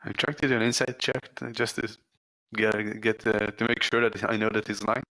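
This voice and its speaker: A man's voice: lowish voice, flat delivery, moderate pace, pushed and bright, rough recording. A man playing a character in a tabletop game, eager in his questions. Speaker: player. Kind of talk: tabletop role-play.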